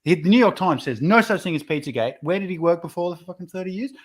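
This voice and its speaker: A man's voice: sits high, expressive, fast. A man co-hosting a casual podcast chat over a beer, heated and ranting, swearing often. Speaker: podcast co-host.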